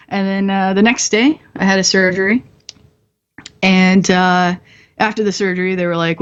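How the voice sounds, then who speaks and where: A woman's voice: mid-range voice, normal speed. A woman in her thirties, a podcast guest, candidly telling a hard story with blunt, profane humor and frequent laughs. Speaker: podcast guest, combat veteran.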